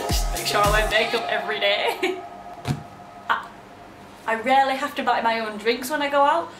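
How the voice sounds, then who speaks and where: A woman's voice: on the high side, fairly quick, loud music behind the voice. A young woman from England, chatting casually to camera as a vlogger, bubbly and full of exclamations. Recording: roomy echo.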